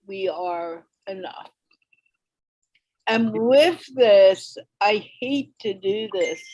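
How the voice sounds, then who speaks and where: A woman hosts a reflective panel conversation, taking her time over each phrase. Her voice sits a little high. The sound is dry and close. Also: no echo, rough recording. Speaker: host. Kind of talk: casual panel talk.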